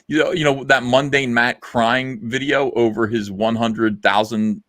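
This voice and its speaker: A man's voice: medium pitch, fairly even intonation, a little slow, a bit bright, no room sound. A middle-aged man hosting a casual livestream chat, rambling and blunt with lots of fillers. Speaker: livestream host.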